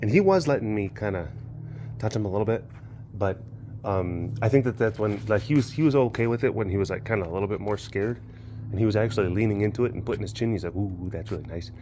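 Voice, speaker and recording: A man, an animal keeper vlogging outdoors by the enclosures, chatting in a rambling, excitable way with lots of fillers. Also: lowish voice, quick pace, slight background noise. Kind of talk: casual vlog chat.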